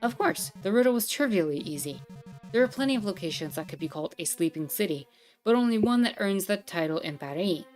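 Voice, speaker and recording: A woman's voice: medium pitch, animated, brisk, a little mellow, faint music behind, close to an everyday voice. A woman voicing a scornful bird librarian. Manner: haughty, scornful, impatient. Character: grumpy condescending male bird librarian. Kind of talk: reading game dialogue aloud.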